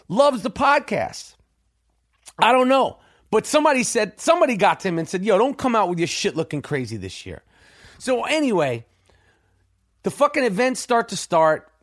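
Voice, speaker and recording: A man with a high voice hosts his podcast and tells a rambling story full of swearing. He acts out the other people in it with big swings in pitch. The recording is dry, with almost no room sound. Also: moderate pace, dry recording. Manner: animated, profane, swings pitch acting out quotes. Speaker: podcast host. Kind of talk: profane storytelling monologue.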